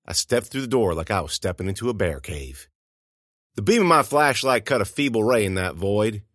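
A man narrating a first-person audiobook in an expressive, suspenseful way. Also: mid-range voice, no echo, studio quality.

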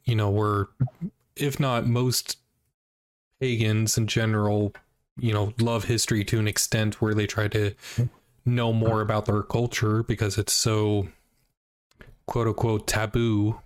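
A man co-hosting a podcast in relaxed casual chat, leaning on "you know" fillers. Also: fairly low pitch, unhurried, pauses often, no room sound, clean studio sound. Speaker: podcast co-host.

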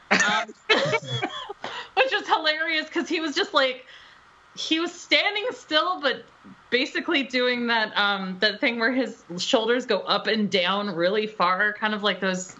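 A woman's voice: a little high, a little slow, bright, forceful tone. Bubbly laughing woman on dull audio. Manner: bubbly, laughs often, rambling anecdotes. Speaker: voice director and game developer. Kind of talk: casual podcast chat.

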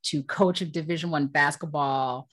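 Low-voiced woman interview host. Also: moderate pace, fairly bright tone. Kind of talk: interview hosting.

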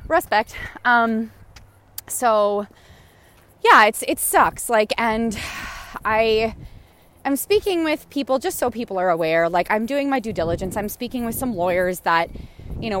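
A woman hosting a podcast talks through her frustrations in a loose, rambling monologue, dropping swear words freely. She is recorded outdoors on a walk, and faint outdoor ambience sits behind her fairly high voice. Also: slight background noise. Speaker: podcast host. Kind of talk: casual spoken monologue. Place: outdoors, walking near a goose.

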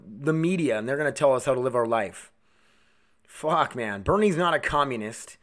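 Guy ranting on his home podcast, blunt, swears constantly, mid-pitched voice. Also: animated, normal speed, fairly bright tone. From United States. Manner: profane, blunt, goes off on rants. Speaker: podcast host. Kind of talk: angry ranting monologue.

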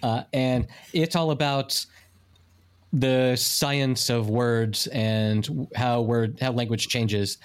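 A man's voice: mid-range voice, steady tone, slow pace, smooth. A man co-hosting a casual podcast, chiming in with dry, wry remarks. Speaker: podcast co-host. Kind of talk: casual chat.

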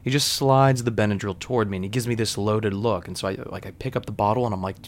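A young adult man hosting a podcast, telling a personal story in a candid, wry, conversational way, with lively quoted lines and dramatic slowdowns. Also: on the low side. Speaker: podcast host. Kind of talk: storytelling monologue.

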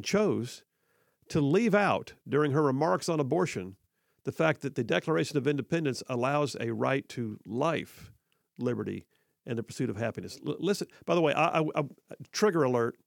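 A man's voice: medium pitch, gravelly, dry recording, clean studio sound. A man hosting a talk radio show, delivering an emphatic, sarcastic opinion monologue that repeats for effect.

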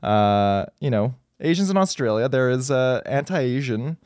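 A man's voice: medium pitch, measured pace, a little mellow, clear, resonant tone, no echo, studio quality. A man co-hosting a podcast, chatting in a wry, teasing way. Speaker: podcast co-host. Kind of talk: casual chat.

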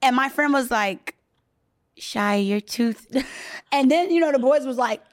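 A woman's voice: high-pitched, moderate pace. A young woman co-hosting a podcast, telling candid, slangy stories in casual chat. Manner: animated storyteller, slangy and candid. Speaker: podcast co-host.

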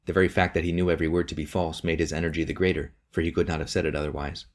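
Deep-voiced male audiobook narrator. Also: little pitch movement, very fast, hardly any pauses. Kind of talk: scripted narration of a novel.

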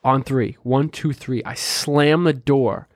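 Animated young man telling a story. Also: medium pitch, takes it slowly, no room sound, clean studio sound. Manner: animated storyteller, says "right?" and "dude" often. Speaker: podcast co-host. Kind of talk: casual chat, storytelling.

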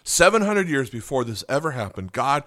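A man preaching a podcast sermon in a conversational way, often checking in with the listeners with quick questions. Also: medium pitch, sing-song, fairly bright tone, no echo. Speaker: pastor.

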